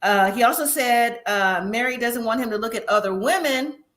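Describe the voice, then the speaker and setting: A woman's voice: on the high side, moderate pace, a bit bright. A woman hosting a casual live review chat, opinionated and chatty, laughing often. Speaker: host.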